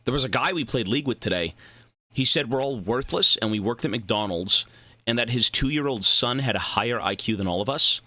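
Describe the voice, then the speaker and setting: A man's voice: medium pitch, expressive, brisk, bright, forceful tone, no echo, clean studio sound. A young man streaming a game, chatting casually, rambling and cursing as he goes off on side tangents. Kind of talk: casual livestream chat while gaming.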